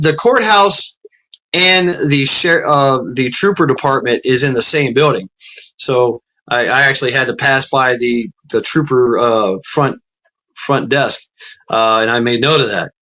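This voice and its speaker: A man hosting a casual talk show, telling a long story in a rambling way with many fillers and restarts, laughing often and acting out what others said. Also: pushed and bright. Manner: rambling, laughs often, acts out quotes with raised pitch. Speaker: podcast host.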